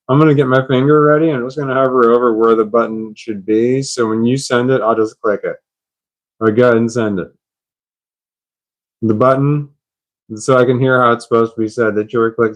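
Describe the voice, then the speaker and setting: A man chatting on a live stream, puzzled and rambling, laughing at himself. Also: mid-range voice.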